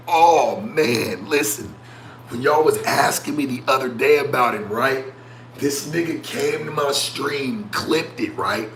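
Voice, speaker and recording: A man's voice: medium pitch, fairly bright tone. A man streaming a casual, profane rant to his chat, mocking someone while telling the story. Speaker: streamer and talk show host. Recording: echoey room with faint ambient noise.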